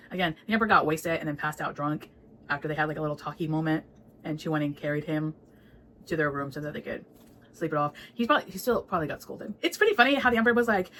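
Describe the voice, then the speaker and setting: A woman's voice: low voice, fairly bright tone, slight background noise, low-quality recording. Chatty woman recapping a book. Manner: chatty, laughing, swears casually. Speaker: book reviewer.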